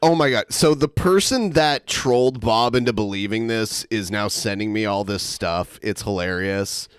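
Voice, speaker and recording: Smooth, mid-pitched male co-host, wry and dry, close mic. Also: moderate pace, dry recording. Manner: wry, dry commentary with restarts. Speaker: podcast co-host. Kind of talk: casual comedic chat.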